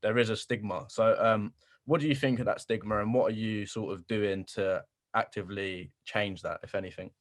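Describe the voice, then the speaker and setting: A man's voice: lowish voice, fairly even intonation, moderate pace. Easygoing man hosting a podcast. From United Kingdom. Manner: easygoing, laughing, loose asides. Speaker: podcast host. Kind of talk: casual podcast interview.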